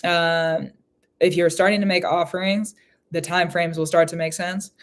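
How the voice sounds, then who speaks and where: Lower-voiced woman giving spiritual readings. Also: flat delivery, moderate pace. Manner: laughs often, repeats phrases. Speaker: spiritual reader. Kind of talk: live reading, casual chat.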